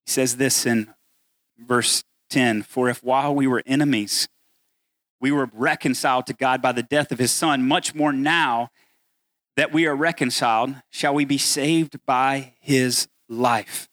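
A man's voice: mid-range voice, fairly even intonation, unhurried, a bit bright, dry recording. A man preaching a sermon as pastor, earnest and building to emphatic peaks as he voices the words of scripture.

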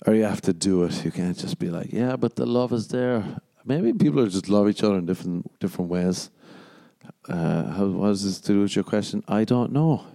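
Swearing freely and poking fun at himself, a young man from Ireland rambles casually as the sole host of his podcast. He speaks fairly quickly in a deep, warm voice with lively intonation, and there's no room sound.

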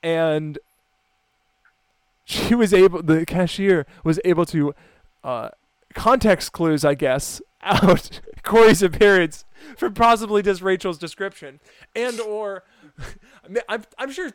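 A young American man with a high, smooth voice co-hosts a podcast, chatting casually at a slow pace. He laughs often and keeps restarting his sentences, and there is no echo.

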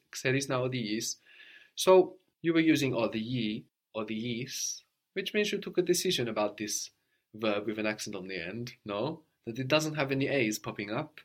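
A man teaching a language lesson, patiently modeling phrases slowly and coaxing his student. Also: medium pitch.

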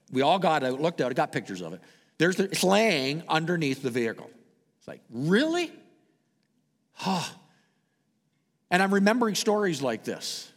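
Animated man preaching in a reverberant hall. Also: a little high. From Canada. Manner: animated, dramatic swings between loud and hushed. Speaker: pastor. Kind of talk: sermon with storytelling.

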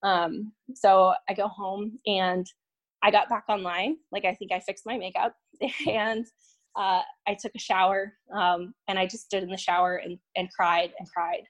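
A young woman guest recounting a painful personal experience in casual, halting talk, full of "um" and "like" and restarts. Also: mid-range voice, steady tone. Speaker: podcast guest; violin teacher.

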